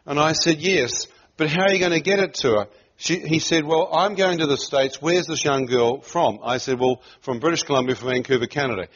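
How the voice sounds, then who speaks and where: Telling a personal story as part of his sermon, a middle-aged man from New Zealand laughs often and voices the people he quotes with animation. His slightly high, breathy-edged voice runs a little fast with hardly any pauses, and the sound is muffled lo-fi.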